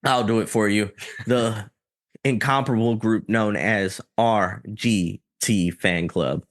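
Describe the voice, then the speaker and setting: A man co-hosting a podcast, reading out supporter names with laughs and quick apologies. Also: fairly low pitch, steady tone. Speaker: podcast co-host. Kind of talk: casual podcast chat.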